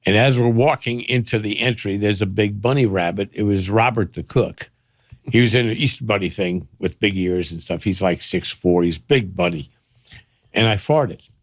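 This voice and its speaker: A man's voice: fairly low pitch, normal speed, no room sound, clean studio sound. An older man, a father on a podcast, telling family stories casually and laughing through them.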